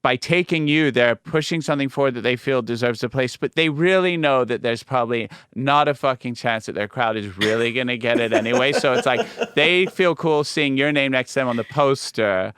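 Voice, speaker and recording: Smooth-voiced relaxed male host. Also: mid-range voice, brisk, few pauses, no echo, studio quality. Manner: relaxed, conversational, casual swearing. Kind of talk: casual interview.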